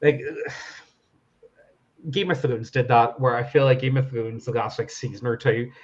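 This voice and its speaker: A man talks in a loose, rambling way, laughing often and swearing. His voice sits at a middle pitch. The audio is dull and lo-fi. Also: steady tone, normal speed. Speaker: podcast guest. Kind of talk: casual chat.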